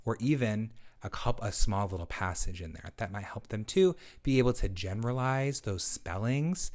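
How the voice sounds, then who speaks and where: A man with a fairly low voice gives a step-by-step instructional webinar for parents. His pitch swings widely as he explains each routine and models the prompts a teacher would use. The delivery is patient and explanatory. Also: animated, normal speed, a little mellow. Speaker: literacy researcher teaching parents.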